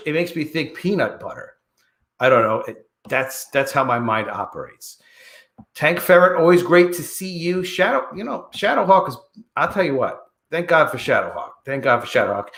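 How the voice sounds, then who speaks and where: A man hosting a livestream in an echoey room, talking casually and rambling as he greets viewers by name. His pitch is a little high and jumps up and down a lot as he talks. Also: big pitch swings, moderate pace, fairly bright tone. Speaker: livestream host.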